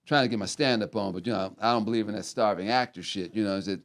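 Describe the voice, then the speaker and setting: A man's voice: on the low side, fast talker. An older man, a podcast guest and retired probation officer, telling rambling, profane stories in casual chat. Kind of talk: casual storytelling.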